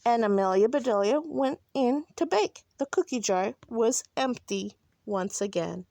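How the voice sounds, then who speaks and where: Animated woman reading a picture book. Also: on the high side, unhurried, gravelly. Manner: expressive, animated. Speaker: storybook reader. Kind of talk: children's book read-aloud.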